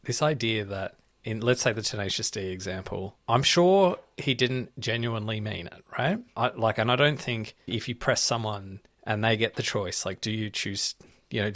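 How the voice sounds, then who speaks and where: Gravelly-voiced man rambling. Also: on the low side, a bit bright, no room sound, clean studio sound. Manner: rambling, leans on "like" and "right?". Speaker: podcast co-host. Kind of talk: casual political chat.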